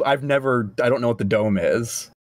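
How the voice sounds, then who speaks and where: A man's voice: mid-range voice, normal speed, dry recording, clean studio sound. A young man co-hosting a podcast in casual chat, joking and laughing often. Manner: animated, jokey, laughs often. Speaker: podcast co-host.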